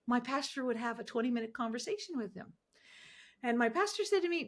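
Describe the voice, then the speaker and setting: A woman telling animated, emotional stories as a podcast guest, acting out the voices she quotes. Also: sits high, normal speed. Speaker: podcast guest, ministry founder. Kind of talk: conversational storytelling interview.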